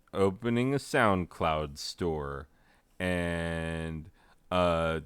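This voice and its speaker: Deadpan male gamer, very low and unhurried, smooth clear voice. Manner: deadpan, goofy asides, mock rapping. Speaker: gaming video host. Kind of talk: rambling joking game commentary.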